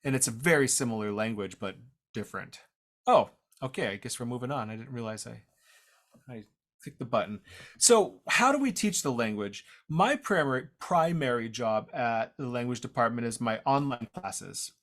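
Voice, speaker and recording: A man's voice: mid-range voice, lively intonation, a bit bright. Casual man teaching over a video call. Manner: casual, self-deprecating, halting with restarts. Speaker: tribal language teacher. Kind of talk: online presentation talk. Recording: unstable internet connection, audio drops out.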